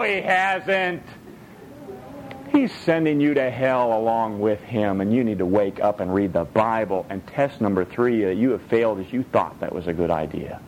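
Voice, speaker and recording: A male preacher giving a sermon in an animated, dramatic, joking way. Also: fairly low pitch, normal speed, slight background noise, rough recording.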